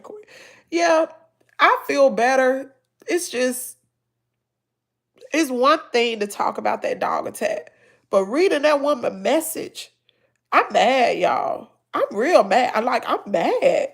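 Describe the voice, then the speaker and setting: Tearful Southern woman with a gravelly voice. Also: high-pitched, lively intonation, takes it slowly, pauses often. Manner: tearful, heartfelt, talking straight to viewers. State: crying, nose stuffed up. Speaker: family vlogger. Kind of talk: emotional livestream talk to viewers.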